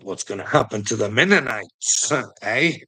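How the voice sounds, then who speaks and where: A man's voice: fairly low pitch, animated, measured pace, bright, forceful tone, breathy edge, low-quality recording. A man hosting a rambling live stream, preaching and teasing a viewer directly, laughing often between lines. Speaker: livestream host.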